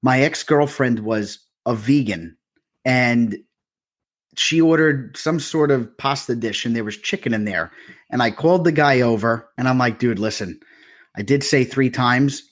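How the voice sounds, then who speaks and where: A young man co-hosting a podcast, telling stories in a loose, profane, laughing way. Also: medium pitch. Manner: profane, storytelling, laughs often. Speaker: podcast co-host. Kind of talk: casual chat.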